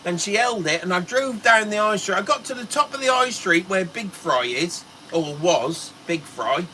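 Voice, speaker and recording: A middle-aged man with a Norfolk English accent tells a long story in a chatty, rambling way, laughing as he goes. His voice sits a little high for a man and sounds bright and forceful. A faint hum of background noise runs under him. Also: animated, moderate pace, rough recording. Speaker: fishing channel host. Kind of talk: casual storytelling on a livestream.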